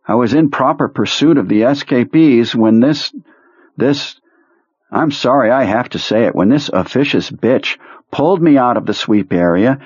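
A man's voice: medium pitch, moderate pace, slightly rough, dull audio, voice pushed up, natural voice. A man voicing a whining, defensive male soldier who pleads in a raised voice.

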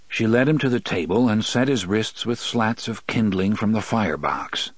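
Scripted audiobook narration comes from a man whose voice is low. He keeps the storytelling even and measured, and the recording is dry.

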